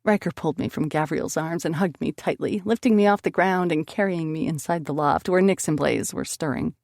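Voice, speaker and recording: A woman's voice: sits low, fairly quick, gravelly, a little mellow, no echo, clean studio sound. A woman narrating a first-person romance audiobook expressively, lifting her voice on emotional lines.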